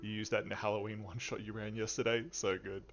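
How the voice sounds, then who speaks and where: A man's voice: on the low side, little pitch movement, quick pace, a bit bright, soft background music. A man hosting a livestreamed tabletop game as game master, playful and rambling as he welcomes players and chat. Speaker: game master and stream host. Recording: dull lo-fi stream audio.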